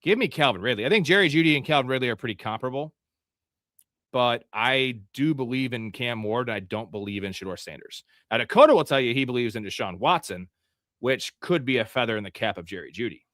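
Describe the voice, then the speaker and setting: A man hosting a live fantasy football stream, reacting to a draft pick by pick with frequent swearing and sudden yelled outbursts. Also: mid-range voice, animated, fast, no room sound, studio quality. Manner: profane, frustrated, outbursts of yelling.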